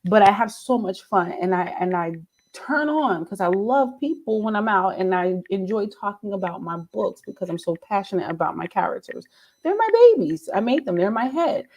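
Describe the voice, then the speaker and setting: A woman, an independent author, talking casually on a publishing panel over a video call, bursting with energy, with restarts and laughter. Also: normal speed. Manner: animated, acts out quotes with big jumps in pitch.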